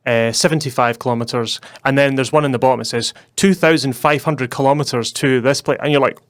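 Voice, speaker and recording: A young Scottish man chats on a podcast in a loose, rambling way and laughs easily. His voice is smooth and clean. The sound is dry and close, with no room around it. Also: mid-range voice, fairly even intonation, no echo. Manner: chatty, rambling, quick to laugh. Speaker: podcast co-host. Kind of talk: casual podcast chat.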